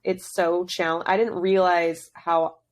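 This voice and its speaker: A woman's voice: lowish voice, level tone, slow pace, dry recording. A young woman hosting a podcast and chatting casually with her guest, often agreeing and sprinkling in fillers. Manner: agreeable, many short affirmations and fillers. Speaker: podcast host. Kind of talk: casual interview chat.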